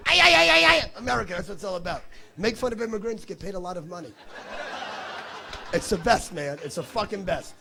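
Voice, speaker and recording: Brash, gravelly stand-up comic. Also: male voice, high voice, a little fast, pauses often, crowd noise. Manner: brash, teasing, profane. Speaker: stand-up comedian. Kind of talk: stand-up crowd work. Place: comedy stage before a live audience.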